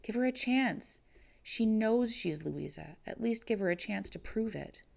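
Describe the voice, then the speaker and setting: A woman's voice: mid-range voice, expressive, a little slow, creaky, darkish tone, pitched above the performer's own voice. A woman voicing a frightened young man who pleads urgently on the girl's behalf. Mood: pleading.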